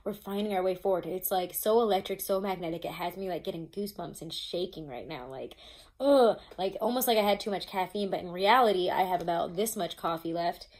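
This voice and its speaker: A woman with a lowish, darkish voice talks fairly quickly through an informal tarot reading. She's loose and chatty, curses freely, and keeps restarting as she trips over the notes she's reading from.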